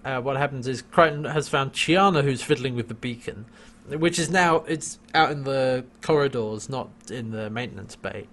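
A man's voice: mid-range voice, moderate pace, a bit bright. A man co-hosting a casual chat recapping a TV episode, laughing often and acting out quoted lines. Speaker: podcast co-host recapping a TV episode.

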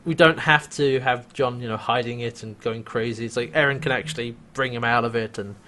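A man co-hosting a podcast, chatting casually as he recaps an episode, animated and laughing often. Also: mid-range voice, brisk. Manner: animated, laughs often, acts out quoted lines. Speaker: podcast co-host.

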